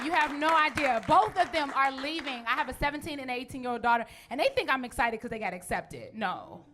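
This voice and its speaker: A woman's voice: sits high, noisy background. A woman in her forties performing a brash, profane stand-up comedy routine with a punchy delivery. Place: comedy stage.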